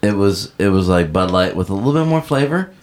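A man's voice: sits low, a little fast. A man co-hosting a casual podcast chat, joking and teasing his friends. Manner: jokey, teasing, animated. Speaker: podcast co-host.

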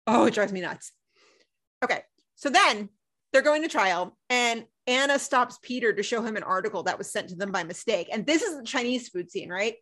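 A woman's voice: fairly high pitch, lively intonation, normal speed, fairly bright tone. A woman co-hosting a podcast, recapping a TV episode in casual chat, ranting emphatically and swearing freely.

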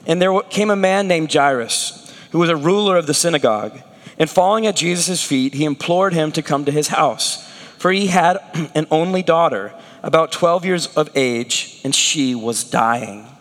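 A man's voice: on the high side, animated, normal speed, a bit bright, big-room sound. A man preaching a sermon as a pastor, acting out the prayers and words of the people he talks about.

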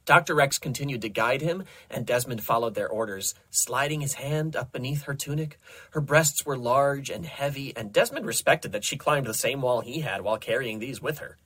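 A young man reading comedic fan fiction aloud in a dry, deadpan narrating voice. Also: mid-range voice, normal speed, husky. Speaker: host reading stories aloud.

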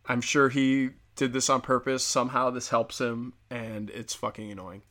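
A man's voice: medium pitch, little pitch movement, moderate pace, sharp tone. A man ranting casually and bluntly on his own show, profane, sarcastic and rambling from point to point. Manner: rambling with restarts. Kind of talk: casual solo rant.

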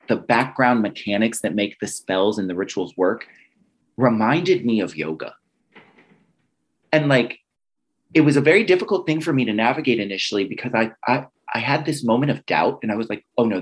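A man's voice: mid-range voice, breathy edge. A man casually telling a personal story, acting out quoted dialogue with lots of restarts and fillers.

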